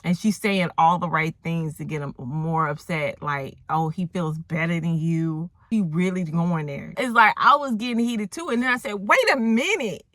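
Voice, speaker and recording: Bright-voiced woman ranting about a movie. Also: deep voice, normal speed, few pauses, no echo. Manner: animated storyteller who acts out the characters and exclaims at the plot. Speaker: vlogger recapping a movie. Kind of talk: casual rambling movie recap.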